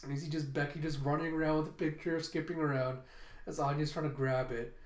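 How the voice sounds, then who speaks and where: Animated man recapping a comic. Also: fairly high pitch, brisk. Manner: animated retelling, laughing often. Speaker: manga reviewer. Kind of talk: casual recap and reaction. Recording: roomy echo.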